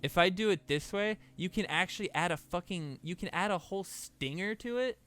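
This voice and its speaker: Excitable, profane young man streaming. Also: high-pitched, brisk, clean tone. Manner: excitable, profane, exclaims in disbelief. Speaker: gaming streamer. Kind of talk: casual stream chat and gameplay commentary.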